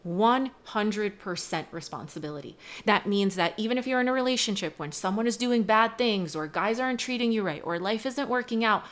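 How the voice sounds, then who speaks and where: An earnest woman coach talking on a podcast at a middle pitch. She lays out her points with steady emphasis, pushing them harder as she goes. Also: brisk, hardly any pauses. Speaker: guest coach. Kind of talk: casual podcast chat.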